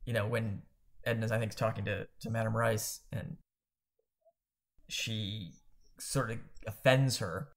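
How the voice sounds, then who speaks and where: A man's voice: lowish voice, fairly even intonation, measured pace, pauses often. A man co-hosting a podcast, casually chatting about a book in a rambling, self-correcting way. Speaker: podcast co-host.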